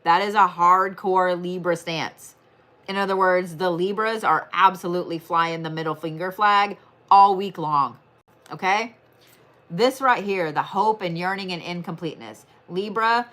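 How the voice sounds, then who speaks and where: A young woman giving a casual astrology tarot reading, talking fast, blunt and swearing freely. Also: lowish voice, a bit bright. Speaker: tarot reader.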